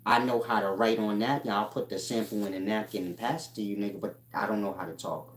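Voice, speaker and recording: Blunt streetwise man over music. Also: lowish voice. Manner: profane, streetwise, lecturing. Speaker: self-help channel host. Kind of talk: blunt street-talk monologue. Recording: echoey room with music behind.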